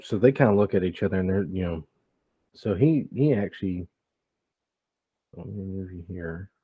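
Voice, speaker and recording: A male game master running a tabletop game, with a deep, mellow voice. He narrates casually and hesitantly, with frequent fillers and restarts, and his speech sounds close and dry. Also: lively intonation, normal speed, breathy edge, no echo.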